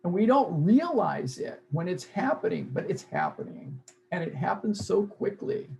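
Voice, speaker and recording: A man's voice: high-pitched, big pitch swings, moderate pace, vocal fry, darkish tone, rough recording. A man leading a self-help seminar, earnest and repeating key phrases for emphasis. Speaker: seminar leader.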